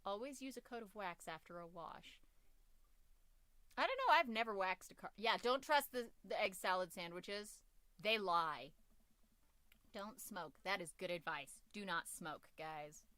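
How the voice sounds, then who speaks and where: A woman's voice: mid-range voice, expressive, unhurried, bright, forceful tone. A woman streaming a game, reading its dialogue aloud and joking along with it in a playful manner. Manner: playful, reads characters' lines aloud with running jokes. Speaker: let's play streamer.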